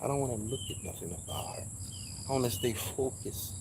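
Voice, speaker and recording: A man's voice: medium pitch, lively intonation, a little fast, noisy background. A man giving a casual spiritual monologue, preachy and emphatic, swearing freely as he talks. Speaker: speaker sharing spiritual views.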